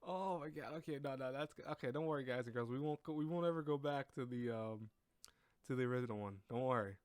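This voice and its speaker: A young man casually commentating a visual novel playthrough, excitable and quick to exclaim. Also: medium pitch, clear, resonant tone, dry recording, studio quality. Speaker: let's play gamer.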